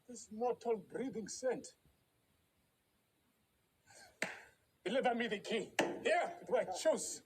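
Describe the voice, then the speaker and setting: An actor playing a proud, regal prince who muses in verse, softly and half-laughing, in a stage drama. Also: male voice, very high-pitched, noisy background. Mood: rapturous. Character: proud regal male prince weighing a choice.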